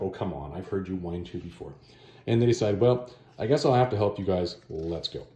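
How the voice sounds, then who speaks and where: A man casually recapping a comic book plot, loosely paraphrasing the characters with quick offhand asides. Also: low-pitched, mellow, reverberant.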